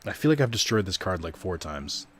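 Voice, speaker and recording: A man's voice: low-pitched, sing-song, brisk, a bit bright, husky. A young man casually commenting on a card video game stream, rambling and self-deprecating, swearing now and then.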